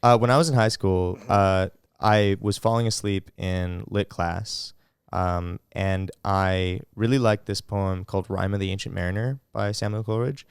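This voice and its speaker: A man's voice: deep voice, fairly even intonation, moderate pace, clear, resonant tone, no echo, studio quality. A man in his twenties, a podcast guest, chatting casually in a laid-back way with lots of filler words. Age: 20s. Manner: laid-back, laughs often, many "like" fillers. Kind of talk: casual chat.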